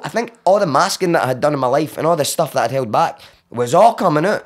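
A man with a Glaswegian accent, a podcast guest, telling a story with animated comic energy, swearing freely, laughing often and acting out the voices of the people in it. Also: fairly high pitch, fast.

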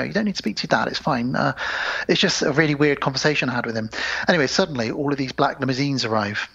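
A man's voice: a little high, brisk, creaky, a bit bright, husky, highs cut off. A man co-hosting a casual podcast, retelling film scenes and acting out the characters' lines. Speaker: podcast co-host.

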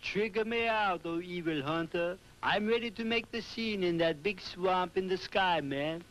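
A man's voice: high-pitched, moderate pace, a bit bright, slight background noise, rough recording. An actor voicing a jive-talking beatnik male duck in a cartoon, laid-back and full of hip slang. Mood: dreamy. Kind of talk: 1960s TV cartoon voice acting.

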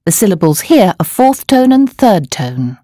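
A woman narrating a scripted language course, explaining words and tones in a clear, measured way. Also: mid-range voice, sing-song, warm tone, no room sound. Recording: dry studio voice-over.

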